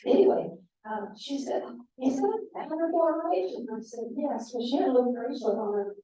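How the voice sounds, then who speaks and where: A woman's voice: on the high side, fairly quick, dark tone, slight background noise. Chatty American woman, echoey and distant. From United States. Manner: chatty storyteller, many fillers. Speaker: guest speaker. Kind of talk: anecdotal talk to a club. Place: club meeting room. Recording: echoey room, voice from far off.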